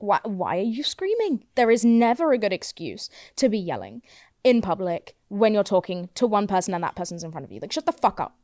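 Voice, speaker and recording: A woman's voice: mid-range voice, warm tone, dry recording, clean studio sound. A young woman hosting a casual podcast from home, rambling, swearing a lot and poking fun at herself. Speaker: podcast host. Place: home, seated on couch.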